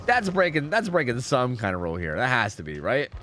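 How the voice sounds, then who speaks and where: A man's voice: mid-range voice, a little fast, a little hiss or hum. A man hosting a live game stream, chatting casually and explaining match rules with lots of fillers. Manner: animated, rambling, full of fillers.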